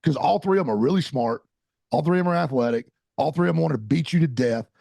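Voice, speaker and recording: Gravelly, husky-voiced man talking football. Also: a little high, fast talker, dark tone, no room sound, studio quality. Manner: blunt, teasing, trails off and restarts. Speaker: podcast co-host. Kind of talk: casual sports chat.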